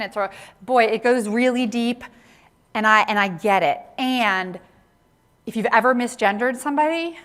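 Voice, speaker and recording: A woman giving an interactive conference talk on workplace inclusion, animated and often checking in with the audience with a quick "right?". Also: a little high. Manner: animated, tags lines with "right?" to engage the audience. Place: conference session room.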